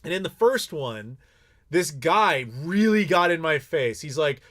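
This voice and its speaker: A male YouTuber with a fairly high voice hosts a casual live Q&A at a measured pace. He's candid and blunt, swearing freely as he tells animated stories.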